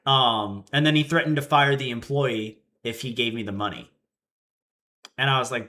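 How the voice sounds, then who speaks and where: A young man in his twenties chatting casually on a livestream and telling an animated story, acting out the quotes. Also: medium pitch, moderate pace. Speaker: streamer.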